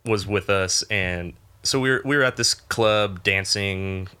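Casual male storyteller, low-ish forceful voice, rambling and profane. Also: a little slow, clear, resonant tone. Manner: laid-back storyteller, lots of fillers, swearing, animated when quoting.

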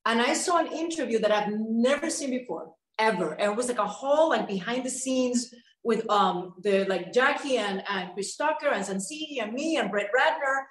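A woman's voice: on the high side, normal speed. A woman with a Latin American Spanish accent chatting expressively as a guest. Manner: expressive, laughs while talking. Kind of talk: casual chat. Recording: roomy echo.

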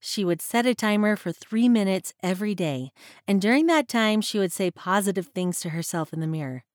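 A woman hosting a reflective faith-based podcast, speaking in a measured, earnest way and slowing down to read scripture. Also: medium pitch, expressive, no echo, studio quality. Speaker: podcast host.

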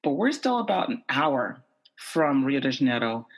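A man from the United States telling a tense personal story with animated, repetitive buildup. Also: medium pitch, moderate pace.

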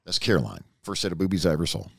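A man's voice: low voice, very animated, very fast, creaky, husky. A man hosting a podcast in casual, rambling, folksy chat. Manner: rambling, folksy, repeats himself. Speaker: podcast host.

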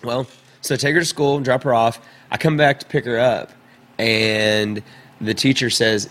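A man, a podcast host, retelling a family story in casual chat, animated and full of restarts. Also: mid-range voice, moderate pace. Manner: animated, acts out quoted voices, many restarts.

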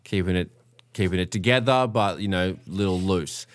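A man's voice: low voice, normal speed, dry recording. Laid-back Australian young man. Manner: crude, laid-back slang, acts out quoted voices. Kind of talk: casual storytelling.

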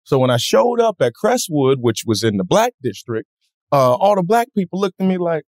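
A man being interviewed, telling stories in a relaxed, lively way and acting out other people's voices. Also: on the high side, moderate pace, no room sound, clean studio sound. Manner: animated, acts out voices in his stories. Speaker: comedian guest. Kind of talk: casual interview storytelling.

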